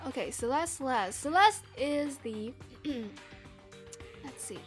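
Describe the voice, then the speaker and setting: A woman's voice: sits high, animated, slow, pauses often, soft background music. A woman streaming a game, chatting in a rambling, playful way and trying out character voices, laughing often. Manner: tries out character voices aloud. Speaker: streamer playing a visual novel. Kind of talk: casual live-stream commentary and voice practice.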